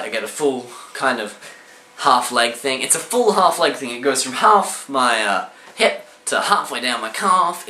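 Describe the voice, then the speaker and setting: A man tells a comic personal story, throwing in sound effects and shouted voices. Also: medium pitch, lively intonation, measured pace. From Australia. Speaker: storyteller vlogger. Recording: roomy echo.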